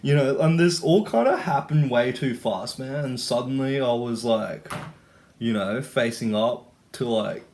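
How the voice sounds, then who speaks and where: A man's voice: mid-range voice, a little slow, darkish tone, slight background noise. A young man ranting and telling stories in a casual vlog, rambling and swearing, full of "like" and "you know". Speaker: vlogger. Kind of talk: casual rant storytelling.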